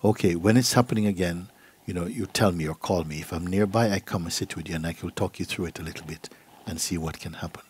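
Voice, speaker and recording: A middle-aged man, a spiritual teacher, giving a gentle, unhurried talk and acting out voices in his stories. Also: sits low, breathy edge. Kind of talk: satsang talk, storytelling. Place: gathering hall.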